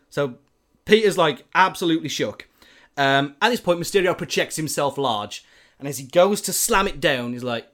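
An animated man telling a long story in a relaxed, casual way. His voice sits a little high for a man, and he fills gaps with loose filler words. He swings between loud and quiet as the story builds. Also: moderate pace.

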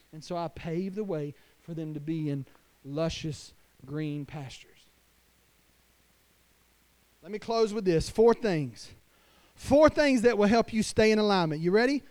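A man pastor preaching a sermon to fathers, emphatic, swinging between hushed lines and loud declarations. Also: high-pitched, lively intonation, normal speed, clear, resonant tone. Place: church.

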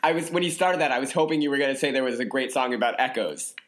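A man's voice: medium pitch, fairly bright tone. A man co-hosting a podcast in a casual comedic chat, playful and goofy, riffing and stretching words out. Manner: playful, goofy, drawn-out riffs. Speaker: podcast co-host.

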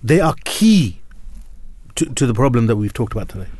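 A man's voice: mid-range voice, very animated, fairly quick, a little mellow, a little hiss or hum. A male host moderates a discussion and presses his guests with direct questions. He speaks with emphasis in a mid-range voice.

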